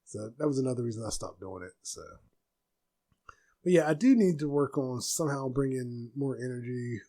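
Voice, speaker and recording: A soft-spoken man hosting a casual solo podcast from a room at home, rambling with restarts. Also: medium pitch, normal speed. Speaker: podcast host.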